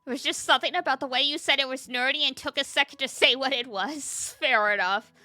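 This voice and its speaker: A woman's voice: high-pitched, fairly quick, bright, forceful tone, no room sound, faint music behind. A woman game streamer in casual chat, talking to her viewers, laughing often and answering chat as she plays.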